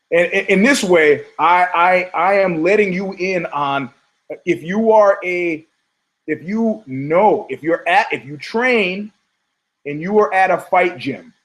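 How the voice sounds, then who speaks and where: Animated, rambling male podcast host. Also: on the high side. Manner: rambling, animated storytelling with profanity and asides. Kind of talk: casual podcast monologue.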